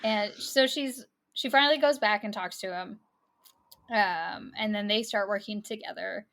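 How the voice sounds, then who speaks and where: A woman co-hosting a podcast, chatting casually about a movie, quick to laugh and to admit when she's wrong. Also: mid-range voice, a bit bright. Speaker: podcast co-host. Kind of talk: casual chat.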